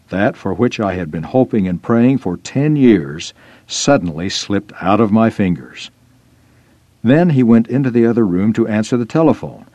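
A man reading a first-person religious article aloud in an earnest, measured storytelling manner. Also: deep voice, mellow, no room sound. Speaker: reader.

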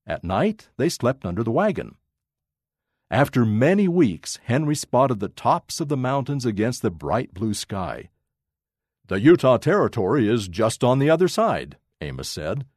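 A man narrating a children's story aloud with expressive, dramatic pacing. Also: mid-range voice, no room sound, clean studio sound.

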